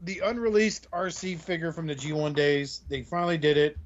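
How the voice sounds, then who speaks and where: A man's voice: a little high, steady tone, fairly quick, dull audio. A man co-hosting a casual podcast, teasing his friends with crude banter. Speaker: podcast co-host. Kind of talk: casual chat.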